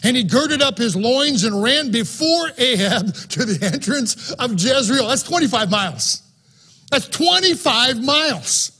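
Male preacher, sermon, high voice, husky, reads scripture then preaches with fervor. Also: expressive, measured pace, few pauses, pushed and bright.

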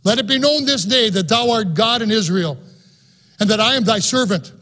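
A man's voice: high voice, lively intonation, moderate pace, bright, forceful tone. A man preaching a sermon, reading scripture aloud and then preaching on it with rising fervor.

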